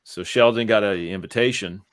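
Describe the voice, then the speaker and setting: A man's voice: on the low side, moderate pace, no echo. A man casually recounting a TV episode in a rambling way, with restarts and fillers. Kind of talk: casual storytelling.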